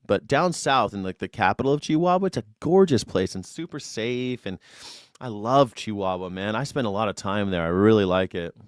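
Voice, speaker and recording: A man's voice: on the low side, expressive, moderate pace, dry recording. A man hosting a live news reaction show, making sarcastic, profane, jokey asides. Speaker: host.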